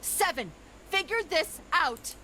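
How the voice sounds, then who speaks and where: A brash, impatient woman snaps and swears in a piercingly high, bright voice that leaps around, as a female streamer puts her on. It is storybook-style voice acting over faint background noise. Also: expressive, slow pace, exaggerated voice. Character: brash, hot-tempered adult woman. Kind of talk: voice acting a visual novel.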